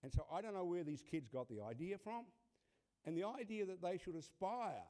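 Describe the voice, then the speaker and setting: A man introducing a keynote speaker with a humorous anecdote, telling it in an animated way. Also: fairly high pitch. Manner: animated storyteller, acts out quoted voices. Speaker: conference host introducing the speaker.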